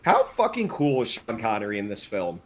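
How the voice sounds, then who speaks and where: A man's voice: fairly low pitch, huge pitch swings, moderate pace, a little hiss or hum. A man co-hosting a movie review podcast in casual chat, hyped and joking, often saying bro. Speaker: podcast co-host.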